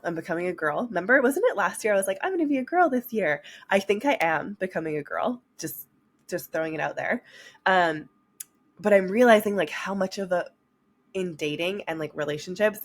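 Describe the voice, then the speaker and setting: Frank, animated young woman talking to listeners. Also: medium pitch. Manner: frank, animated, swears casually, addresses listeners as "you guys". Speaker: podcast host. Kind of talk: candid solo podcast talk.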